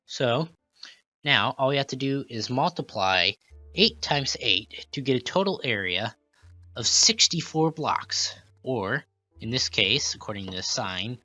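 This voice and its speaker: A man playing a news reporter in a mock news segment, slowly explaining a math formula step by step. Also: mid-range voice, pushed and bright, no room sound, muffled recording. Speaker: field reporter.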